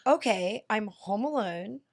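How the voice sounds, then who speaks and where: A woman's voice: medium pitch, a little slow. Woman in her thirties telling a story. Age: 30s. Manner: animated storytelling, frequent swearing, laughs between lines. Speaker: podcast guest storyteller. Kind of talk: casual podcast chat.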